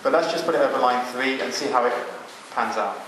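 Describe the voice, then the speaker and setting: A man's voice: mid-range voice, fairly quick, fairly bright tone, slight background noise. Man teaching chant in an echoey cathedral. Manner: explains step by step, checks in with the group, sings examples. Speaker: chant workshop presenter. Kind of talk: teaching psalm chanting to a group.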